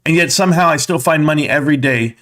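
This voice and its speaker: A man's voice: fairly high pitch, fast, fairly bright tone. A man hosting a casual livestream, rambling and asking rhetorical questions. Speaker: host.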